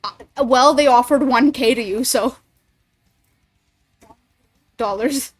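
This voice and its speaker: Speaking slowly in a high-pitched voice, this woman, a streamer and voice actor, chats casually on a livestream. She rambles and curses freely between thoughts, with faint music in the background.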